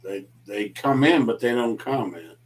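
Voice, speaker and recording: This man speaks at a measured pace in a mid-range voice. As a guest on a late-night livestream, he keeps the chat casual, playfully joking and ribbing the host.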